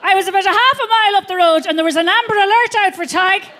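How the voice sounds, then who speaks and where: This fiftysomething comedian's voice is extremely high-pitched and fast as she tells brash, foul-mouthed stories to a theatre audience. Her delivery is animated, and there's slight background noise.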